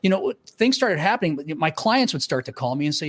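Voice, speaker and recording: A man's voice: on the high side, big pitch swings, quick pace, few pauses, a bit bright, husky. A middle-aged man with a South Florida accent, a podcast guest telling stories animatedly and acting out dialogue with many restarts. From Canada, raised in Florida. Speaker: podcast guest, sales trainer. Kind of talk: casual interview storytelling.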